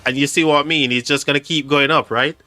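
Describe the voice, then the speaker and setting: A man's voice: a little high, fairly even intonation, quick pace, pushed and bright, no room sound, faint music behind. A man hosting a casual livestream, reading chat aloud and laughing often. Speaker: livestream host.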